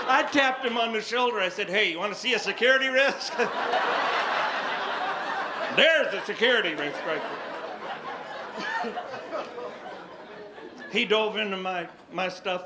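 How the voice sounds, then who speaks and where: A man from Tennessee doing stand-up, telling a long story in an animated, exaggerated way. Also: high-pitched, very noisy. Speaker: stand-up comedian. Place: stage before a live audience. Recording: live stage with audience laughter.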